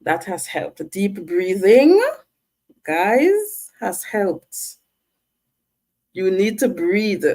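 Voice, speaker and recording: A woman's voice: mid-range voice, big pitch swings, warm tone. A woman vlogger talking to camera, earnest and coaching, often checking in with "right?". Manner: slow, earnest, coaching viewers directly; asks "all right?" and "right?" to check in. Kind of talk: personal talk to camera.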